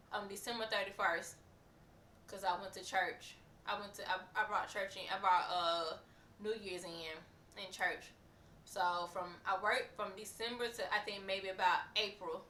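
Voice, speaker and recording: A woman's voice: mid-range voice, sharp tone, roomy sound, recorded from a distance, slight background noise. A young woman, chatting casually and rambling through a vlog update with lots of fillers and restarts. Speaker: vlogger.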